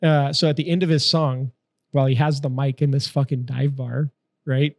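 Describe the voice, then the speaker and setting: A man in his thirties telling a profane, animated story in casual podcast chat, acting out the people in it. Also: mid-range voice, moderate pace. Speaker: guest.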